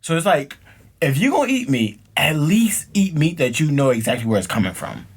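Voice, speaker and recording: A man's voice: a little high, fairly quick, husky. A man co-hosting a podcast, telling stories in a casual chat full of slang and acting out the people he quotes. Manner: animated storytelling, slangy, acts out both sides of exchanges. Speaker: podcast co-host.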